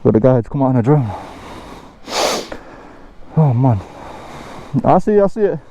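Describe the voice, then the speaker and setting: A man's voice: medium pitch, lively intonation, unhurried, warm tone, a little hiss or hum. A young man, chatting in casual slang while vlogging a motorcycle ride and hill climb outdoors. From England. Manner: slangy, chatty, self-talking. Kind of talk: casual vlog commentary. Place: outdoors on hills.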